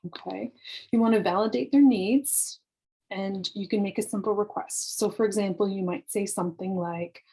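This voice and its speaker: A woman giving calm, reassuring parenting advice straight to camera, explaining step by step and checking in with "okay". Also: mid-range voice, moderate pace, slightly rough, poor audio. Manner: often says "okay" and "um". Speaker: parenting coach.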